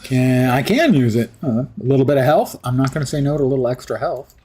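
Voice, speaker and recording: A man's voice: mid-range voice, expressive, quick pace, warm tone, slight background noise. A man giving casual, sarcastic commentary while livestreaming a game. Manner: sarcastic, wry asides to chat. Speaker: livestream gamer.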